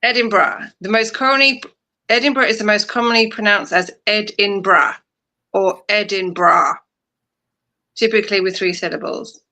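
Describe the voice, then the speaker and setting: Woman, livestream co-host, casual chat, crisp bright tone, joking. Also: mid-range voice, normal speed.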